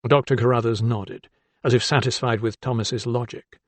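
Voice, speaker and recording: A man narrating an audiobook in a calm, even storytelling voice. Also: mid-range voice, normal speed, no room sound. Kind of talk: scripted narration.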